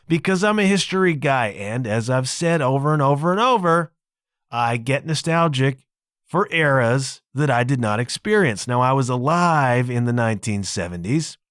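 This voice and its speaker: A man's voice: a little high, a bit bright, no room sound, studio quality. A man in his fifties hosting a solo podcast, talking casually and chattily with frequent asides to his listeners. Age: 50s. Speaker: podcast host.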